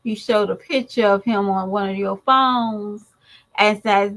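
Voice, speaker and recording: Blunt, unhurried woman giving her commentary. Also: mid-range voice, fairly even intonation, fairly bright tone, low-quality recording. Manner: blunt, emphatic, talks straight to the viewers. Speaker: mother and YouTube commentator. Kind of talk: opinionated commentary vlog.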